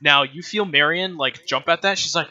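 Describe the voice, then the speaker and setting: A man's voice: a little high, normal speed, bright, forceful tone, muffled recording. A man running a tabletop game as game master, narrating in a loose, laughing, rambling way.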